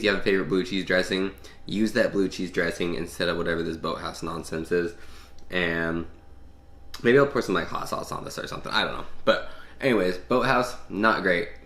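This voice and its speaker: A man's voice: sits low, a bit bright, echoey room. A man hosting a casual cooking and fitness vlog, chatty and full of ums as he tastes his food. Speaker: fitness vlogger.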